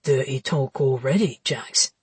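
A woman voicing a cocky, teasing man in an audiobook, speaking with a smug, husky drawl. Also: a little slow, dry recording, full character voice. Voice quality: husky, low and hushed.

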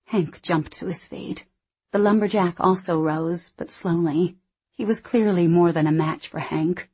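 A woman narrating an audiobook in a measured, wry way. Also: lowish voice, creaky, a little mellow, slightly rough.

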